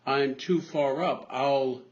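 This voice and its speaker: Priest doing a terrified man clinging to a cliff, pleading, pitched up, muffled lo-fi tape. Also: steady tone, slow pace, lightly acted. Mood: desperate. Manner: cries out in pleading bursts. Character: desperate man dangling from a cliff. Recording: dull lo-fi recording.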